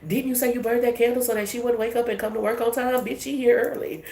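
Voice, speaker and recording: A woman's voice: fairly high pitch, fairly even intonation, fast, roomy sound, noisy background, voice pushed up, natural voice. A woman voicing a petty, gossiping female witch who schemes with others and sounds mocking and exaggerated. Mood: scheming.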